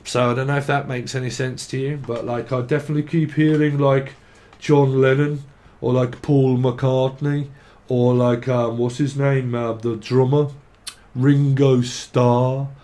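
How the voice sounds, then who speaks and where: A man's voice: medium pitch, level tone, measured pace, warm tone. A man giving a casual tarot reading, rambling and swearing, now and then breaking into sing-song chanting. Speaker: tarot reader. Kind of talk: casual psychic reading monologue.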